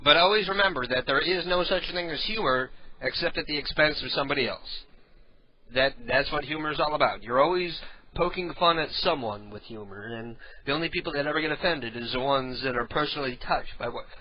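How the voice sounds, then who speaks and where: Low-key irreverent male radio host. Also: fairly quick, muffled recording. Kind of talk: casual late-night talk to chat room.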